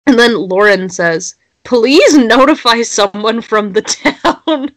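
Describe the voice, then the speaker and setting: A woman's voice: fairly high pitch, lively intonation, takes it slowly, no room sound. A young woman, co-hosting a casual chat and reading social media posts aloud. She giggles and swears freely.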